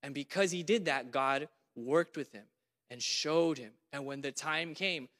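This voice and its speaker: Animated high-voiced preacher in a hall. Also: male voice, unhurried. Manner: animated, voices God in dramatic quotes. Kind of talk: sermon. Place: church.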